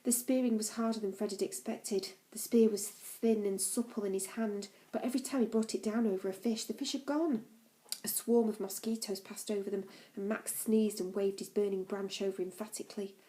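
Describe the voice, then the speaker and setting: Female audiobook reader, calm storytelling, mid-pitched mellow voice. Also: brisk, rough recording. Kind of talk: reading a novel aloud.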